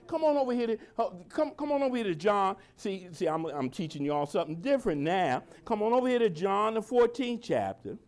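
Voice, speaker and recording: A pastor preaching a sermon to his congregation, quoting scripture in old-fashioned wording and speaking informally, asking for agreement and slowing down to drive key lines home. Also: high voice, lively intonation. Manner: preaching with a call-and-response cadence, slowing to stress lines.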